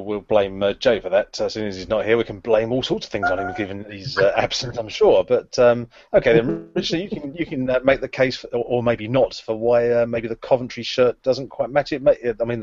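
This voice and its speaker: A man co-hosting a podcast leads a casual conversation, talking a little fast with few pauses in a mid-range, darkish voice. He's chatty but hesitant, filling his speech with ums and uhs. The recording is dry, dull and lo-fi.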